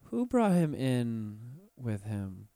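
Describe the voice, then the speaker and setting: A man's voice: medium pitch, big pitch swings, slow, dark tone, no room sound, clean studio sound. A man hosting a podcast in casual, slangy chat, laid-back and profane as he hypes up artists. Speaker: podcast host.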